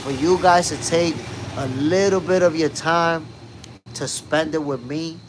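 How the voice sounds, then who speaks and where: A man hosting a casual live boxing talk stream, speaking emphatically and shouting out viewers in the chat. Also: a little high, fairly even intonation, a little slow, a little hiss or hum. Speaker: boxing show host.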